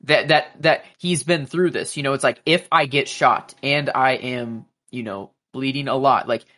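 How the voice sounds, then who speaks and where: A man's voice: mid-range voice, moderate pace, pushed and bright. A man co-hosting a podcast, talking over a TV episode in a loose, rambling way with many fillers. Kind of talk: casual show recap chat.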